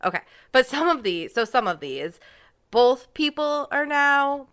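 A woman's voice: sits high, sing-song, measured pace, fairly bright tone, clear, resonant tone. A woman co-hosting a casual wrestling podcast, teasing and sarcastic toward her co-host.

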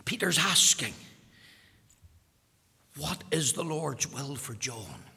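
A man's voice: mid-range voice, sing-song, slow, gravelly. Emphatic preacher man in a reverberant hall. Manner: emphatic, repeating phrases, rising to loud peaks. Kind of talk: sermon.

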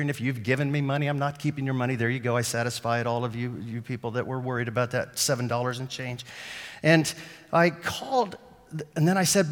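A man preaching a sermon as a pastor, telling a story and acting out the lines of the people in it, getting louder and quieter as he goes. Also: on the high side, big-room sound. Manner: animated, acts out quotes with shifting volume.

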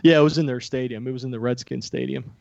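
A relaxed man from Pittsburgh, a podcast guest, chats in a laid-back way. His voice has a gravelly rasp at a middle pitch. The audio is slightly dull and dry. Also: quick pace, no echo. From Pittsburgh, Pennsylvania. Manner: relaxed, easygoing, trailing fillers. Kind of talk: casual chat.

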